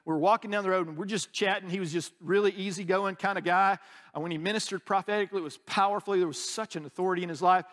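High-voiced man preaching conversationally. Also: steady tone, racing, a bit bright. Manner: conversational preaching with restarts and asides. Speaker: pastor. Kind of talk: sermon.

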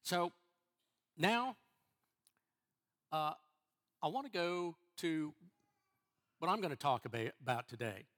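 Halting, earnest male church elder. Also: a little high, big pitch swings, a bit bright. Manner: halting, repeats words and restarts, then stresses key phrases. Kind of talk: sermon.

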